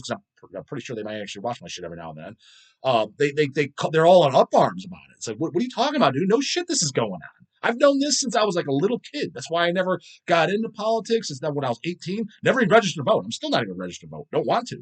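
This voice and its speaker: A man's voice: a little high, a bit bright. A man around forty from the United States, hosting a casual livestream chat and swearing constantly as he rants. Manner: profane and ranting. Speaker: livestream host.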